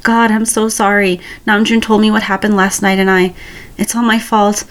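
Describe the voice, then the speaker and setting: A woman's voice: medium pitch, level tone, moderate pace, voice pushed up, close to an everyday voice. A woman voicing a tearful, devoted young man in a read-aloud story. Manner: tearful, pleading.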